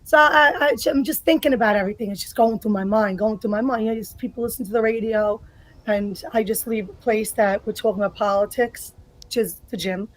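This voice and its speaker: A woman from the New York area, a guest on a podcast, talking in a blunt, profane and forceful way. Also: fairly high pitch, rough recording. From United States. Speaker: guest, political ranter. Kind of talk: casual podcast chat.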